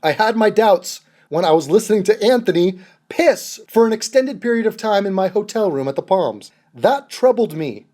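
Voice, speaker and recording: Young male reaction host, sarcastic and profane, very lively intonation. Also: sits high, normal speed. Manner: sarcastic, mocking, swears often. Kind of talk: profane mocking commentary over a clip.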